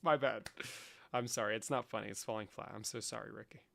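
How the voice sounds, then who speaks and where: A man's voice: fairly low pitch, fairly even intonation, fast, creaky, pushed and bright, dry recording. An American man hosting a live stream in casual chat, teasing and joking crudely with callers. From United States. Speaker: streamer and host.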